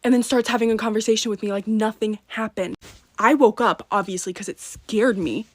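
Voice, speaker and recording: A woman casually telling a personal story about a lucid dream, in a relaxed, chatty way. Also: medium pitch, brisk.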